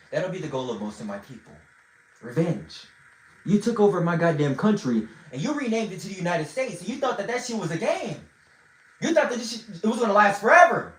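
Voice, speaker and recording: A man livestreaming from a phone, telling a story in an animated, profane way with bursts of shouting. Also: sits high, echoey room, low-quality recording. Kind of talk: storytelling monologue.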